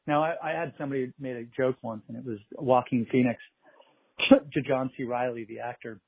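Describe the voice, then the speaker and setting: A man, a festival producer, telling animated anecdotes in a casual interview, quoting people and laughing often. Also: mid-range voice, normal speed, dry recording. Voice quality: husky, gravelly. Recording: tinny phone-like line.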